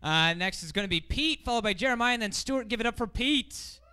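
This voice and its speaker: A man hosting an open mic, bringing up the next comics with loud, upbeat introductions. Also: very high-pitched, expressive, brisk.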